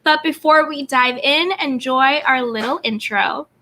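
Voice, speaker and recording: A woman's voice: high voice, a little slow, pushed and bright, slight background noise. A woman hosting a live stream, chatting about reality TV in a bubbly way and greeting viewers by name. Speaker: YouTube host. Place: California home.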